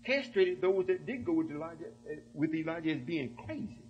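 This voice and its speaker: A man's voice: on the high side, lively intonation, fairly quick, dull audio, a little hiss or hum. A man giving an emphatic sermon-style talk to his followers, often checking that they understand. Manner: emphatic, keeps asking "you see?". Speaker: religious speaker.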